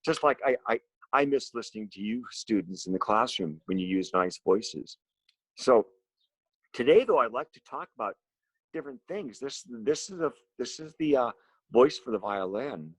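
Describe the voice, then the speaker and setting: A man teaching a music lesson to his students from home, explaining slowly and simply and asking them questions. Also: medium pitch, dry recording. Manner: slow, simple explanations with lively questions to children. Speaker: special education music teacher.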